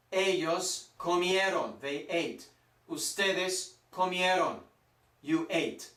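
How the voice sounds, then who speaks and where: A man with a slightly high voice gives a grammar lesson at a slow, deliberate pace, drawing out each word. He sits well back from the microphone, so his voice carries a roomy echo. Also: fairly bright tone. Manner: slow, deliberate, stretches out Spanish words for pronunciation. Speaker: Spanish teacher. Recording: roomy echo, mic some distance off.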